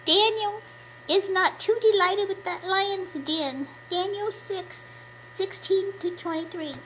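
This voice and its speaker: A woman voicing a sweet, eager little girl puppet who reads slowly and carefully in a children's puppet show. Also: very high-pitched, pitched above the performer's own voice, heavily acted, poor audio. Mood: reading carefully. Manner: slow, careful storybook reading. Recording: steady background noise.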